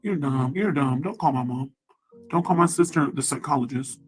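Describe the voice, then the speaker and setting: A woman's voice: extremely low pitch, normal speed, low-quality recording. A woman livestreaming a heated, profane rant who also pleads with her mother on the phone.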